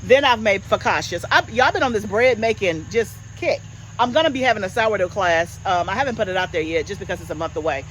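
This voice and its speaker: A woman in her forties chatting casually with viewers as host of a home gardening channel, animated and talkative. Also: mid-range voice, fast, a little hiss or hum, poor audio. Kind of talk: casual chat.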